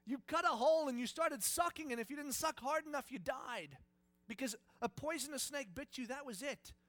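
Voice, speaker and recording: High, bright-voiced animated preacher man. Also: fairly quick, dry recording. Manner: animated, jokey storytelling. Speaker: pastor. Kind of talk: sermon. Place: church.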